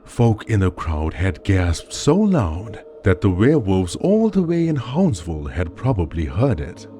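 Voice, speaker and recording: A man narrating a dark horror story in a slow, dramatic storytelling style. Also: on the low side, very animated. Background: faint background music.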